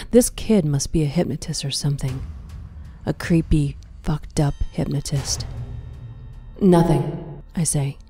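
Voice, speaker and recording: A woman narrating a scripted horror story in a hushed, often whispery, tense way. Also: sits low.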